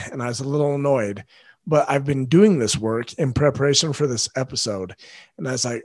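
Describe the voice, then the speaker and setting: A man's voice: mid-range voice, fairly quick, no room sound. Earnest man hosting a podcast, dry sound. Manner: earnest, speaks directly to listeners. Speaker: parenting podcast host; father. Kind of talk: solo podcast monologue.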